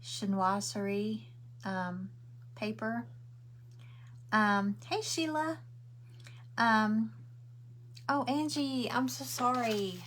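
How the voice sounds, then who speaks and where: A middle-aged craft livestream host talks extremely slowly, pausing often, in a slightly high, fairly bright voice. She rambles casually and answers viewer comments while crafting at home.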